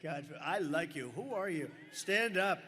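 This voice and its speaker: An older candidate's high, sharp voice is animated but unhurried as he rambles at a campaign rally podium. He leans on superlatives and chats with the crowd, recorded with arena echo and crowd noise in a large packed venue.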